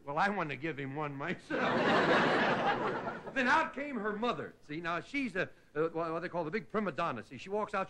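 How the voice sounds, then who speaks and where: A man's voice: on the high side, sing-song, normal speed. A middle-aged man from Indiana, a comedian hosting his show, telling a stand-up story in a folksy way and tagging his lines with "see?". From Indiana, USA. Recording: noisy 1960s TV broadcast recording.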